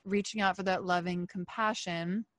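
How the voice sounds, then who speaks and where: A woman's voice: on the low side, steady tone, moderate pace, a bit bright, no room sound, clean studio sound. A woman talking candidly and emphatically in a casual conversation, with many filler "likes". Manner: candid, emphatic, faith-focused talk with frequent "like".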